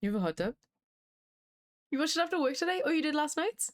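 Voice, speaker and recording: A woman's voice: high-pitched, sing-song, fast talker. Chatty young woman streamer. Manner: chatty and scattered, swears freely, laughs often. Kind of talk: casual live-stream chat.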